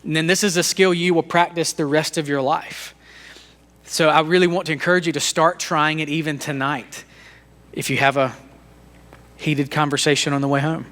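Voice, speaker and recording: A man's voice: fairly high pitch, flat delivery, moderate pace, fairly bright tone. A man giving a conversational teaching talk to a live audience, acting out everyday talks with his young son. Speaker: speaker at a church leadership talk.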